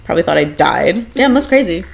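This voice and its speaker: A woman's voice: lowish voice, big pitch swings, a little fast, vocal fry. Young woman co-host, crude and self-mocking, loose casual storytelling full of fillers. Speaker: podcast co-host.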